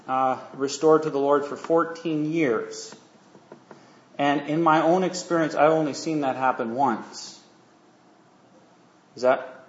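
A man delivers a sermon like a friendly chat, stopping to ask his listeners questions and filling gaps with "uh" and "um". His voice sits a little high. The recording is dull and lo-fi, with the echo of a large room. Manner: conversational, asks the audience questions, many fillers. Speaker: preacher. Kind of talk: sermon with storytelling. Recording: echoey room, dull lo-fi sound.

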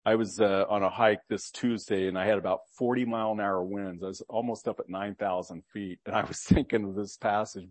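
A man's voice: on the low side, steady tone, a little fast, few pauses, no room sound. A man preaching a sermon, reading scripture aloud and explaining it with earnest rhetorical questions.

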